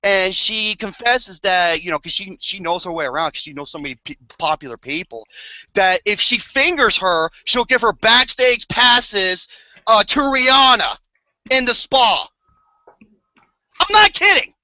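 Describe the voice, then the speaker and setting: A bright, forceful voice rants through a movie review, swearing often and breaking into mock-outraged outbursts. The audio is dull and lo-fi, recorded close and dry with no room sound. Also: medium pitch, expressive, normal speed, no echo. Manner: profane, exasperated, theatrical outbursts. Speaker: podcast co-host reviewing a movie.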